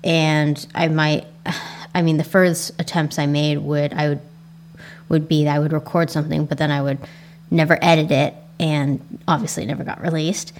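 A woman's voice: deep voice, little pitch movement, moderate pace, a little hiss or hum. A young adult woman with an Asian American accent hosting a casual solo podcast, reflective and rambling with frequent restarts. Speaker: podcast host.

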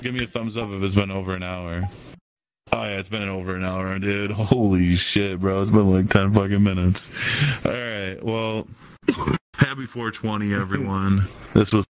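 A man's voice: low voice, steady tone, normal speed, clear, resonant tone. Stoned young man telling crude stories. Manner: profane, rambling, laughing storyteller. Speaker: podcast host. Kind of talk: casual chat, storytelling.

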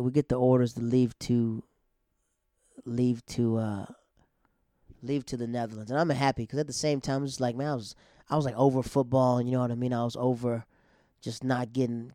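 A man in his thirties telling a personal story in a loose, rambling way, full of slang fillers, dropping his voice to a hush for quoted lines. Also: mid-range voice, level tone, fairly quick, no room sound, clean studio sound.

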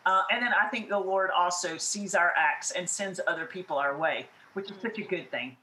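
A woman from the American South co-hosting a faith podcast, chatting in an animated, encouraging way and laughing easily. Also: lowish voice, normal speed, roomy sound, rough recording. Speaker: podcast co-host. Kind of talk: casual faith chat.

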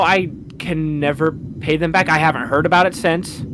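A man co-hosting a podcast who tells an aggrieved story in casual chat, often pausing to grope for words. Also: fairly high pitch, steady tone, sharp tone, slight background noise. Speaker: podcast co-host.

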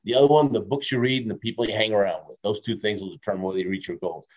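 A man in his fifties, a motivational speaker telling stories as an interview guest, lively, laughing often and ending lines with a quick "right?". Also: on the low side. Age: 50s. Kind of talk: storytelling in a casual interview.

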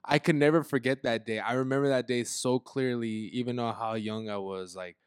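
A man's voice: mid-range voice, fairly even intonation, a little fast, smooth, dry recording, clean studio sound. A young man hosting a podcast, telling a childhood story in casual chat, with a lot of slang and swearing. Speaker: podcast host.

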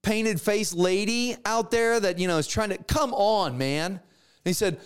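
A man teaching a Bible class in a casual, animated way, retelling stories with slangy asides and acted-out characters. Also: high voice, unhurried, smooth.

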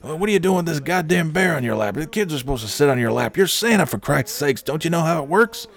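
A man voicing a gruff, crude older male boss who scolds in a raised, bossy voice. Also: a little high, lively intonation, fast, pitched above the performer's own voice. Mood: scolding.

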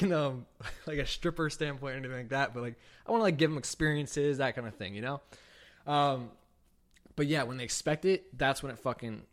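A young man hosting a podcast, telling a raw, unscripted personal story in casual, profane speech, full of "like" and quoted back-and-forth dialogue. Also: mid-range voice. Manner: casual, profane, heavy use of "like"; animated retelling with quoted dialogue. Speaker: podcast host.

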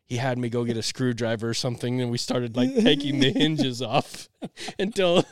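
A young man co-hosting a podcast tells a family story with animation and laughs often, in a casual storytelling chat. His voice is mid-range and his pace normal. The studio sound is clean, with no room sound.

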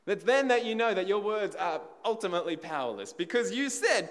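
A man's voice: high-pitched, big pitch swings, normal speed, a bit bright, in a large hall. A man preaching a sermon in a conversational way, asking the congregation rhetorical questions.

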